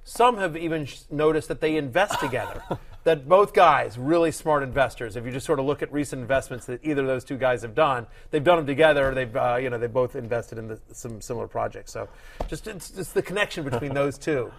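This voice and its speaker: A man's voice: medium pitch, fairly quick, vocal fry. A man co-hosting a sports podcast, chatting casually in a jokey, rambling way from a studio. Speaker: podcast co-host.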